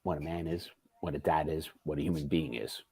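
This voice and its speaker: A man speaking as a guest in casual chat, reflective and halting. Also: very deep voice, little pitch movement, dark tone, breathy edge, dry recording.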